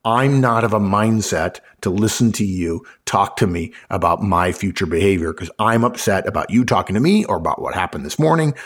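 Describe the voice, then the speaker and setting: Husky low-voiced man giving advice. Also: lively intonation, a little fast, few pauses. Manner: acts out quoted dialogue with a chuckle. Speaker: podcast host. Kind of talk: conversational management advice.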